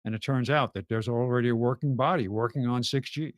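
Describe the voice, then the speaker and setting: A man's voice: mid-range voice, brisk, no room sound, clean studio sound. Chatty man co-hosting a talk radio show. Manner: rambling, animated, laughs easily. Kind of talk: casual chat.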